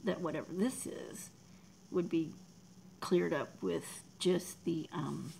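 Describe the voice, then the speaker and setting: A low, gravelly-voiced woman in her forties chats on a livestream from her desk mic, softly and with feeling. Her voice often sinks to a near whisper as she reads out viewers' names. A faint hiss sits behind her. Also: takes it slowly, low-quality recording. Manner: emotional, talks softly, drops to near whispers; reads out and thanks viewers in chat. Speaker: livestream host. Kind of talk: casual livestream chat.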